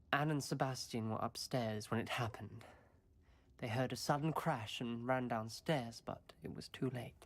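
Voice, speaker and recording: A man's voice: mid-range voice, natural voice. A man playing a stern young wizard. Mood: somber. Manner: earnest, reproachful. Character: stern young male wizard student, protective.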